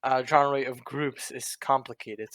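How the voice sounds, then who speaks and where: A man's voice: medium pitch, steady tone, a little slow, a bit bright, no room sound. A young man with a Czech accent chatting casually on a voice call, laughing often and restarting his sentences. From Czech Republic. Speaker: online roleplay group leader. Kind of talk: casual voice chat.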